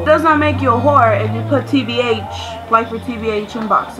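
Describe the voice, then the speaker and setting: A woman with a fairly high voice rants into the camera, loud, exasperated and full of swearing. Music plays clearly behind her the whole time. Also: fairly quick, low-quality recording. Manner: profane, ranting, loud and exasperated. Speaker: vlogger. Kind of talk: ranting vlog. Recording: music playing loudly behind.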